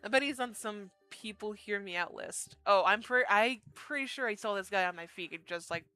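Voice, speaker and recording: A woman's voice: mid-range voice, bright, forceful tone, dry recording, faint music behind. Chatty young woman reading a story game. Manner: chatty, quick asides to chat. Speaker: streamer.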